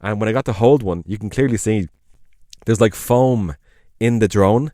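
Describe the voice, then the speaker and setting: An Irish man talks on a podcast with a lowish voice. He rambles eagerly and leans on fillers. The sound is dry and close, with no room echo. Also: normal speed, dark tone. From Ireland. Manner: enthusiastic, rambling with frequent fillers. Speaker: podcast co-host. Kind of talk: casual podcast chat.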